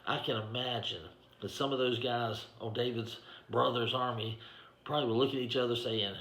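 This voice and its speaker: A man's voice: medium pitch, steady tone, a little fast, a bit bright. A man giving an informal devotional in a folksy, conversational storytelling manner. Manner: folksy, conversational, lots of "you know". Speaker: ministry director giving a devotional. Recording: echoey room.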